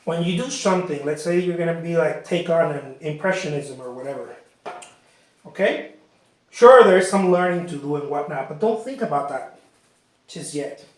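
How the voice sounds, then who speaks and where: A man's voice: on the high side, normal speed. A man teaching painting in a casual, rambling way, often repeating himself and saying "you know" while he works. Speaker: painting instructor. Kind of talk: casual talk during painting session. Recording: very echoey room.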